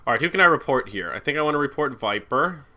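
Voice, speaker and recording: Bright-voiced ranting young man. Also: medium pitch, lively intonation, quick pace. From New Jersey. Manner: sarcastic, ranting, swears a lot. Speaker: co-host. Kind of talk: casual podcast chat.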